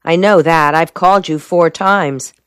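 A woman's voice: deep voice, unhurried, clean tone, dry recording. A woman voicing a determined young male soldier who speaks in short, clipped words. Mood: pressing. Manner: terse, clipped speech. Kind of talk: audiobook dialogue reading.

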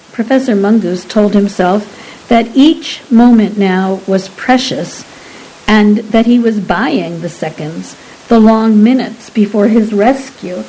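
A woman narrating a story in a measured audiobook reading. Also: medium pitch, mellow, poor audio.

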